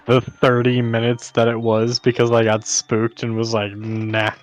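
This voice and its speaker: A man's voice: medium pitch, monotone, moderate pace. A man co-streaming a game, tipsy from wine, joking loosely and rambling. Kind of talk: casual live-stream chat while gaming.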